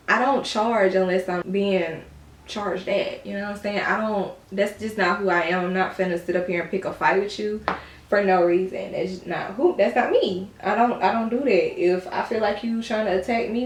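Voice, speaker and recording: A woman's voice: mid-range voice, moderate pace. Woman, vlogger, casual makeup chat, blunt, laughs often, echoey room.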